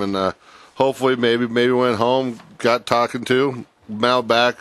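A man co-hosting sports radio, chatting in a relaxed, rambling way. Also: mid-range voice, measured pace, no echo. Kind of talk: casual sports radio chat.

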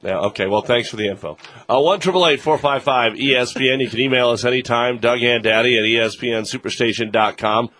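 A man hosting a sports radio show, briskly reading plugs and chatting about games. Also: medium pitch, a bit bright, dry recording. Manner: brisk, reads promos and plugs.

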